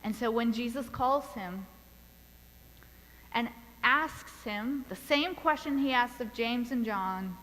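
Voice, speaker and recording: A woman pastor preaching a sermon in a church, telling a story in a deliberate, measured way. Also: on the high side, a bit bright, long reverb tail, rough recording. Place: church sanctuary.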